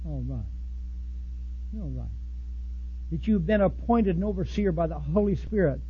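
A pastor delivers a sermon in a high, husky voice, blunt and folksy, at a moderate pace. He's expressive, swinging from loud outbursts to quiet asides. The recording sounds dull and lo-fi.

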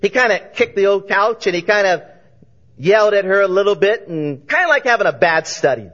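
A man preaching a sermon, telling a story with lively voices for its characters. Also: high-pitched, fairly quick, muffled recording. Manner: animated storyteller, voicing characters in dialogue.

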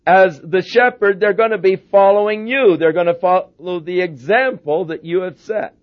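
A man's voice: high-pitched, normal speed. Storytelling male preacher, lo-fi. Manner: anecdotal, humorous storyteller. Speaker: pastor. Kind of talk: sermon. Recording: dull lo-fi sermon recording.

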